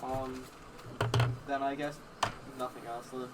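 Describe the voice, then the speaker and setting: A man's voice: mid-range voice, little pitch movement, slow pace, very noisy. A young man playing a tabletop game, hesitant and unsure, with many fillers. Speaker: player. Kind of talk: casual tabletop game chat. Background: loud background music.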